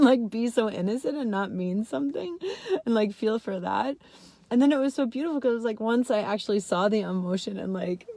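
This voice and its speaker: A young woman telling a personal story in a casual vlog, laughing often and filling her talk with "like". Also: no echo. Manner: giggly, says "like" constantly, swings high when excited. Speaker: vlogger.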